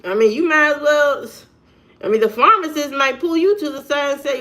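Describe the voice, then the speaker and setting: A woman's voice: sits high, lively intonation, moderate pace, fairly bright tone. A woman vlogger giving a blunt, preachy monologue and firing off rhetorical questions. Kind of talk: preachy straight-to-camera monologue.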